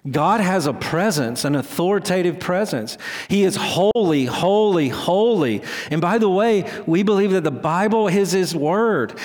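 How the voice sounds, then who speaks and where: A middle-aged male pastor delivering a sermon in a slightly higher-than-usual voice. He talks in a loose, conversational way and pokes fun at himself. His voice carries a long reverb from a large hall. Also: animated, unhurried, a little mellow. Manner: conversational, self-deprecating, with frequent restarts.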